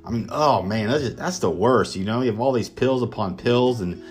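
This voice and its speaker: A man's voice: medium pitch, normal speed, faint music behind. A man from Kansas telling a motivational personal story in an enthusiastic, conversational way, with lots of fillers. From Kansas, United States. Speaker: speaker sharing his story.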